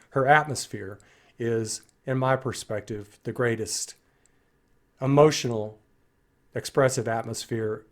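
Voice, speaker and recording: A man's voice: mid-range voice, a little mellow. A man hosting a music reaction video, speaking casually and enthusiastically straight to his viewers and praising the singer.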